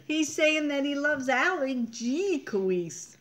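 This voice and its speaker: A woman's voice: high voice, expressive, slow pace, a bit bright. An older woman from Maine hosting a casual live-stream chat, reading viewers' comments aloud in a chatty way. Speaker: homestead channel host.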